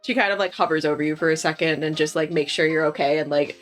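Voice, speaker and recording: A woman's voice: sits low, fast, soft background music. A woman narrating a tabletop game as game master, in a casual, filler-heavy way.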